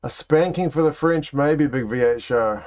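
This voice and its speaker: During a live rugby watch-along, a male host reacts chattily to the game and greets viewers between plays. His voice is a typical middle pitch for a man with a darkish tone and a moderate pace, carried on dull, lo-fi stream audio.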